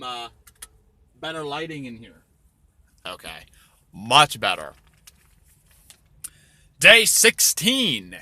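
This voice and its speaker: A man telling crude comedy stories in a rambling way, with deadpan asides. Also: on the high side. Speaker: storyteller. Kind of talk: crude comedic storytelling over drawings.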